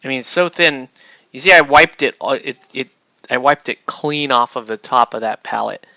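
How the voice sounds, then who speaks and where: A man's voice: medium pitch, moderate pace, creaky, pushed and bright, dry recording. A man hosting a casual painting tutorial, chatty and rambling as he works, often checking in with "right?". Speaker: miniature painting host. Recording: dull lo-fi dry sound.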